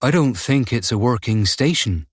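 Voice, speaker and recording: A man voicing a quiet male officer on a stakeout in an audiobook, speaking hushed and matter-of-fact. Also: medium pitch, lively intonation, moderate pace, husky, no echo, clean studio sound. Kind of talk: audiobook character voice.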